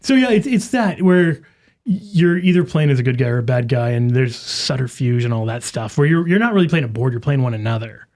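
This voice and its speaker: A man's voice: mid-range voice, fairly quick, a little mellow. A man talking as a guest in a casual chat, talkative and self-deprecating.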